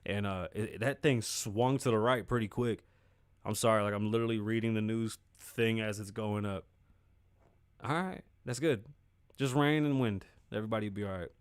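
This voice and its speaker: A man's voice: lowish voice, normal speed, clear, resonant tone, dry recording, clean studio sound. A man hosting his own show, talking candidly about feelings and relationships in casual, profane street slang. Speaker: podcast host. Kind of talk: casual solo commentary.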